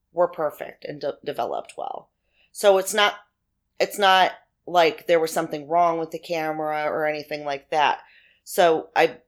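A woman co-hosting a podcast, chatting casually and speculating through theories with frequent restarts. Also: on the low side. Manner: speculative, conversational, with many restarts. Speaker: podcast co-host.

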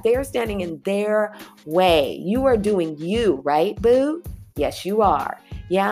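Woman, sassy motivational speaker, low voice, emphatic repeats, faint music. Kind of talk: motivational talk.

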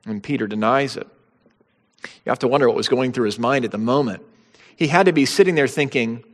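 A man delivers a sermon from a church hall, his mid-range voice trailing off into a long reverb. He teaches in a conversational way and breaks into lively, dramatic quotation. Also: medium pitch, normal speed. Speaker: pastor.

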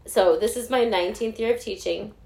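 A woman's voice: mid-range voice, fairly quick, creaky, very noisy. A woman in her forties, a podcast co-host and teacher, telling a story in casual chat, swearing freely and acting out what people said. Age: 40s. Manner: animated storyteller, swears freely, acts out quotes.

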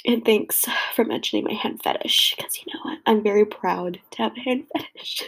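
A woman's voice: mid-range voice, sing-song, normal speed, creaky, in a whisper. A young woman crying as she gives a rambling, heartfelt tribute to a friend. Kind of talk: emotional personal tribute.

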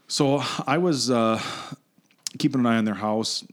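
A man's voice: medium pitch, unhurried. A man, co-hosting a podcast and telling a long, profane story with frequent laughs. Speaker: podcast co-host. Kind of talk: casual storytelling chat.

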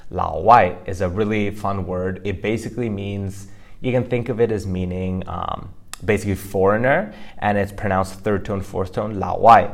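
Man, very deep voice, podcast co-host, casual explanatory lesson, lots of ums and likes. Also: fairly even intonation, moderate pace, gravelly. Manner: explanatory, with frequent fillers. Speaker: podcast co-host teaching Mandarin.

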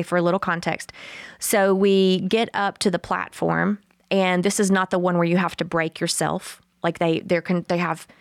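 A woman co-host tells a story in a relaxed podcast chat. Her voice sits a little low and has a gravelly edge, and she acts out the quotes with animation. The sound is close and dry. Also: dry recording.

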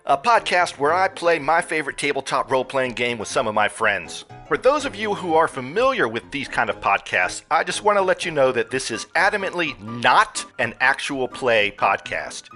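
A man hosting a tabletop role-playing podcast, introducing it and narrating as game master in a lively, emphatic way. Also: medium pitch, moderate pace, hardly any pauses, faint music behind.

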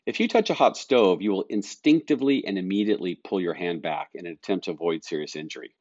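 Middle-aged male life coach hosting his own podcast; deep, calm, earnest delivery, recorded dry and a bit dull. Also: quick pace, dry recording. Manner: calm, earnest, explaining with everyday examples. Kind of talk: solo podcast talk.

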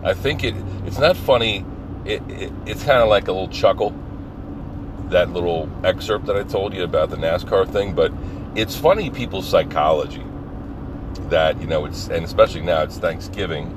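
A man's voice: low-pitched, normal speed. A man talking in a rambling, profane, casual monologue from a parked car, laughing often. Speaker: vlogger. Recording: car and street noise behind. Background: car and street noise.

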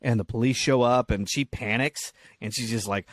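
A man's voice: medium pitch, a little fast, hardly any pauses, no room sound. A young man co-hosting a casual comedy podcast, telling rambling, profane stories full of restarts. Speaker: podcast co-host.

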